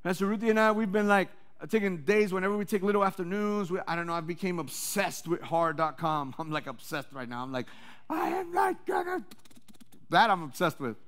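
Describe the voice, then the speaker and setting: A high-pitched man preaches to his congregation. He climbs to loud, rallying calls and then drops into quiet, wry asides. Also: fast talker, smooth. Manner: energetic preaching that swings between loud calls and low asides. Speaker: pastor. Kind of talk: sermon.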